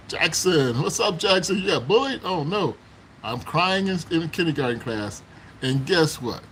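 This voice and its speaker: A man's voice: fairly high pitch, slight background noise, low-quality recording. A man live-streaming from home on his phone, chatting with viewers and telling childhood stories, laughing often. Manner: laughs often while reminiscing. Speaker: livestream host chatting with viewers. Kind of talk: casual live-stream chat and storytelling.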